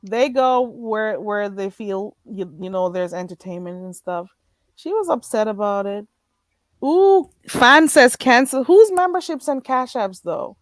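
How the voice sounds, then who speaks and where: A woman hosting a live stream, chatting casually and gossiping while reading out viewer comments, often stretching out "ooh". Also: mid-range voice. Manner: animated and gossipy, with frequent drawn-out "ooh"s.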